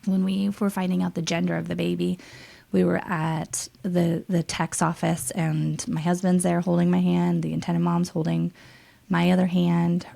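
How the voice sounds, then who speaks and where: A woman with a strongly gravelly, fry-laden voice tells a personal story in a relaxed group chat. Her tone is mellow and warm, earnest and heartfelt, and she sits slightly low in pitch. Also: normal speed. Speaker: experienced surrogate on a panel.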